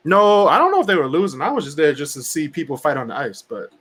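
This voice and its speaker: High-voiced animated man hosting a podcast. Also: quick pace, husky. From Michigan. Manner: animated, laughs often, acts out people in quotes. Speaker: podcast host. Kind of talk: casual chat.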